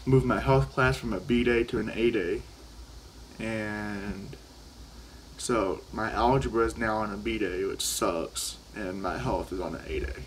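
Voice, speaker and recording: A teenage boy vlogs casually while vaping, telling a rambling, profane story and often restarting his sentences. His voice is on the low side and unhurried, with a noisy background.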